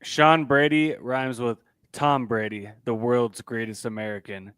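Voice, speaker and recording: A man's voice: mid-range voice, steady tone, unhurried, a bit bright, clean tone, dry recording, studio quality. A man co-hosting a casual sports podcast, joking and emphatic about his fight picks. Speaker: podcast co-host.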